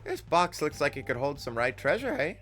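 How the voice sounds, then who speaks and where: A man voicing a wheedling female book mimic with a cracked, high voice, in a video game stream. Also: very animated, a little fast, fairly bright tone, soft background music.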